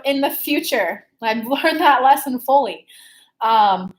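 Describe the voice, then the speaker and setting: Speaking at a measured pace in a high voice, the intuitive life coach answers viewer questions during a casual live stream. Her talk is frank and full of cursing, punctuated by whoops.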